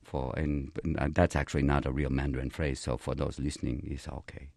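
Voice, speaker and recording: A man being interviewed in a radio studio, firing off rapid jokes and slipping into funny voices. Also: a bass voice, level tone, vocal fry, a little mellow, no echo. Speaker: guest comedian.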